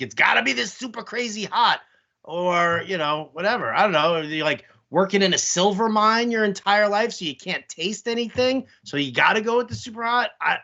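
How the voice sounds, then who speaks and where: A man with a high, bright, lively voice co-hosts a podcast, rambling and joking through casual banter. He leans on fillers and trails off mid-thought. The sound is dull and lo-fi. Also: a little fast. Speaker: podcast co-host.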